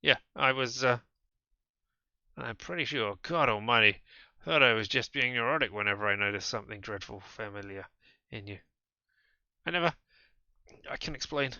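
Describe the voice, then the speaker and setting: A man's voice: medium pitch, moderate pace, bright, forceful tone, no echo, lo-fi sound. A man voicing a flustered young woman who stammers and hesitates.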